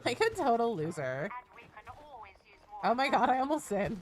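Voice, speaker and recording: A woman's voice: on the high side, big pitch swings, normal speed. Woman doing a gushing valley girl. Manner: gushing, "like" and "oh my god".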